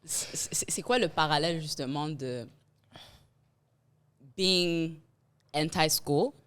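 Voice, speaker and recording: A woman's voice: low-pitched, slow, fairly bright tone, smooth. A woman hosting a podcast, putting short encouraging remarks and questions to her guests. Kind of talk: casual chat.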